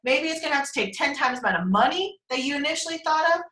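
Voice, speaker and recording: A woman's voice: high voice, animated, fast talker, bright, forceful tone. Chatty woman in an echoey room. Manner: rambling, chatty, laughs often, swears casually. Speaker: team member on a group call. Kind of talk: casual chat. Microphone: conference call line.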